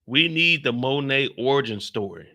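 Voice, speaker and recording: On his live reaction stream, a man talks casually at a normal speed with a medium-pitched voice. He stays animated throughout, repeating himself and acting out the quotes.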